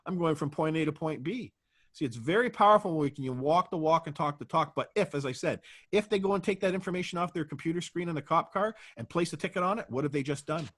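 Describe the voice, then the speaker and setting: Male guest, talks fast and emphatically, rhetorical questions, voice pitched a little high. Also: a bit bright. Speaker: interview guest. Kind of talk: conversational interview.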